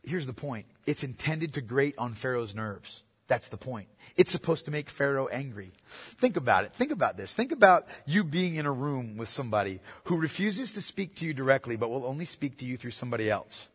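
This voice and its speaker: Man, pastor, husky high voice, emphatic repetitive sermon, reverberant church hall. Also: very animated, brisk. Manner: emphatic, repeats points, asks the congregation questions. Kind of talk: expository sermon. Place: church sanctuary.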